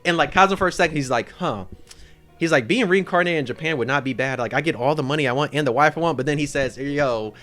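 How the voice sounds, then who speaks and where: A man casually recapping a story as an anime channel host, excitable and profane, with lots of "like" fillers. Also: fairly high pitch, quick pace, faint music behind. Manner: excitable, profane, heavy use of "like".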